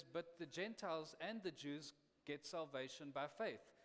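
A man preaching a sermon as a missionary, dramatic, swinging between loud emphasis and hushed quiet. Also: fairly high pitch. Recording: long hall reverb.

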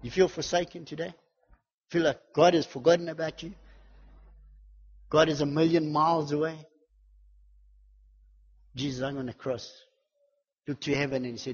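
A male preacher with a husky, slightly high voice delivers a fervent sermon, building repeated refrains and swinging from loud declarations to hushed intensity. His voice rings with a long church reverb on a dull, muffled recording. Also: steady tone, moderate pace, pauses often. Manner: repetitive, builds lists and refrains.

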